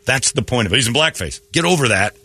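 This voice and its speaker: A man's voice: mid-range voice, lively intonation, quick pace, bright, forceful tone, breathy edge, dry recording. A man hosting a morning radio show, ranting bluntly and joking in opinionated banter.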